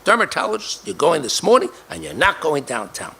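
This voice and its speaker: A man's voice: huge pitch swings, brisk, vocal fry, sharp tone, slightly rough, heavily acted. An older man voicing his insistent wife in a raised, scolding tone. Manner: emphatic, pitch jumps up.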